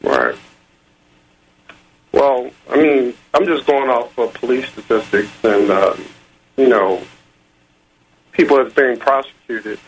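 A man calling in to a talk radio show, speaking in a polite, hesitant and halting way. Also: mid-range voice, breathy edge, rough recording. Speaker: caller. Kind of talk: phone-in call.

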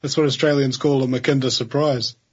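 A man's voice: medium pitch, steady tone, fairly quick, darkish tone, slightly rough, muffled recording. A male interviewer in a casual chat, asking questions and tossing in wry joking asides.

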